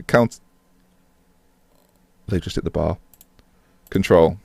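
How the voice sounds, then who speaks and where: Young man, game commentary, lively swooping voice, dry close sound. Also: mid-range voice, gravelly, dry recording. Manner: excitable, shouts and laughs at the screen. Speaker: gaming YouTuber and streamer.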